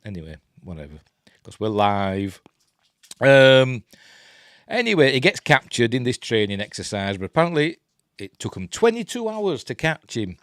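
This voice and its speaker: A man's voice: medium pitch, very animated, moderate pace, fairly bright tone, smooth, no room sound, studio quality. A man with a Yorkshire accent rambling casually through a live film commentary from his webcam. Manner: rambling, chatty, self-interrupting. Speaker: host.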